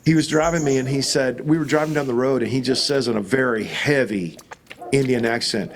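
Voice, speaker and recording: A man's voice: mid-range voice, a little fast, background noise. A middle-aged man, a pastor, telling stories in an interview and acting out the voices in them. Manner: animated, acts out quoted voices. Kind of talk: storytelling in an interview.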